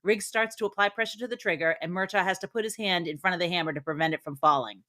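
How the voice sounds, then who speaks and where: A woman co-hosting a movie podcast, recapping the plot in a steady, plain way. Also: lowish voice, fast talker. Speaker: podcast co-host. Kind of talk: reading a plot summary.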